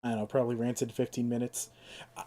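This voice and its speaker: A man's voice: medium pitch, flat delivery, fast, dark tone, slight background noise. A young man with a sore throat ranting and swearing through a casual live-stream of a game. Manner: ranting, exasperated, swears freely.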